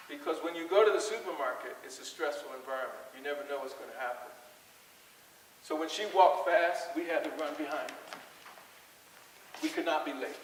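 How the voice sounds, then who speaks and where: Man, middle-aged, from Southern Delaware, conversational storytelling speaker, questions the audience, distant mic, roomy echo, faint hiss. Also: fairly high pitch. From Southern Delaware, USA. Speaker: guest speaker at a school. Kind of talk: storytelling talk to a live audience. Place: large school hall. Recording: far from mic, long hall reverb, faint hiss.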